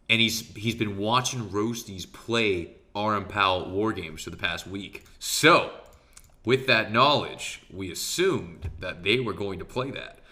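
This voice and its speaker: A man giving a casual, excitable commentary on his own match, swearing freely and talking straight to his viewers. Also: lowish voice. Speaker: professional arena player reviewing his match.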